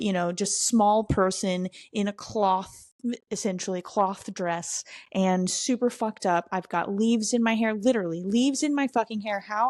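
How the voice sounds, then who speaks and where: A woman's voice: medium pitch, a little mellow, dry recording, studio quality. A young woman hosting a podcast, telling a wild personal story in a candid, profane, self-mocking way. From southern United States. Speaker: podcast host. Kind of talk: casual storytelling.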